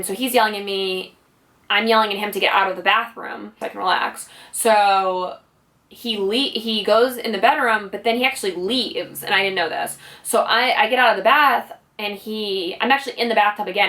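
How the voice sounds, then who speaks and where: Sounding a bit off-mic, this woman vlogs about something that happened to her, loosely and chattily, with plenty of "like" and "you know." Her mid-range voice holds a steady tone at normal speed and is a bit bright.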